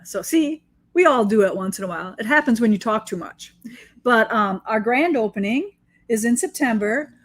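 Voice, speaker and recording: A woman quilting teacher talking casually and enthusiastically while she demonstrates her sewing, joking about herself. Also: fairly high pitch. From United States. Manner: chatty, enthusiastic, self-deprecating. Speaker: quilting teacher and shop owner.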